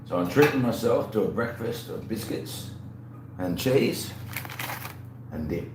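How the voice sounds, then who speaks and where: A laid-back Australian man with a lowish, slightly mellow voice hosts a livestream, greeting viewers and reading chat messages aloud as he eats and rambles. His intonation is lively and his pace measured, with frequent pauses. The room has a roomy echo and a faint background hum.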